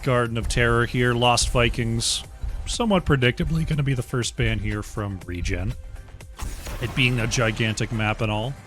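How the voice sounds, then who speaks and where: A male esports caster calling the draft and the games in a mid-pitched, even voice. His delivery is measured, and it tends to sink softer toward the end of each sentence. Faint music plays underneath. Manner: measured, trailing off quietly at sentence ends. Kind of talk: esports play-by-play commentary.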